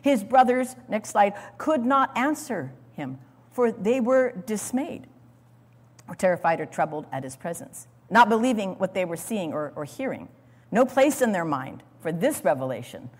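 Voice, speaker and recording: A woman's voice: mid-range voice, big pitch swings, moderate pace. A woman teaching a sermon in dramatic storytelling style, repeating words as she goes. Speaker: Bible teacher. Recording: long hall reverb.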